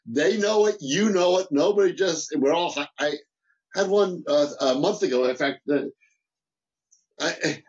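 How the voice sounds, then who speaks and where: A man speaking as a guest business mentor in a casual interview, animated and full of restarts and repeated words. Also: on the high side, moderate pace, dull audio.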